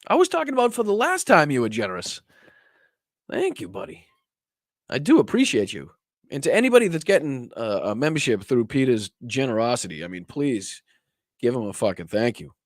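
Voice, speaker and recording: A man's voice: mid-range voice, sing-song, a little fast, no echo, clean studio sound. Profane, sarcastic Boston man hosting. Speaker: political commentary host. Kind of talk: live-stream political commentary.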